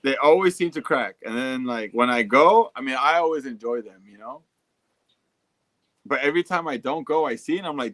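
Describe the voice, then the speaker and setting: A man's voice: mid-range voice, lively intonation, moderate pace, long pauses, fairly bright tone, dry recording. A young man chatting casually on a livestream, reading out fan messages in a laid-back, slangy and profane way.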